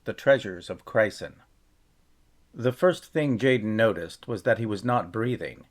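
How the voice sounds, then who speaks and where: A man narrating a fantasy novel chapter in a measured, steady storytelling voice. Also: fairly low pitch. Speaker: audiobook narrator. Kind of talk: scripted fantasy audiobook narration.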